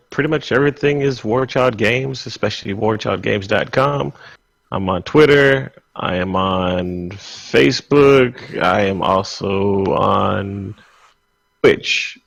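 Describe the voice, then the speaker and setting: Gravelly laid-back podcast co-host man. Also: on the low side, dry recording. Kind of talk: casual chat.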